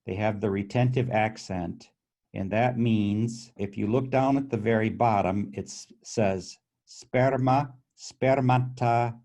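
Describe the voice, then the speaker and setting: Low-voiced man explaining grammar tables. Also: mellow. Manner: methodical, halting with restarts. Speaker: Greek grammar teacher.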